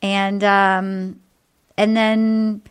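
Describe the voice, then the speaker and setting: A woman hosting a podcast, telling stories in an animated, casual way and swearing now and then. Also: medium pitch, drawn-out words, clean tone. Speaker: podcast host. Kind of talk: casual chat recapping a reality show.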